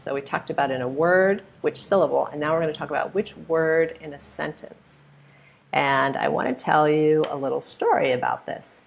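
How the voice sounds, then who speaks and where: Low-voiced American woman teacher with some vocal fry, drawing out words slowly to model stress. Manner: slow, exaggerated modelling of stressed syllables; acts out voices in her stories. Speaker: pronunciation teacher. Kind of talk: online pronunciation lesson.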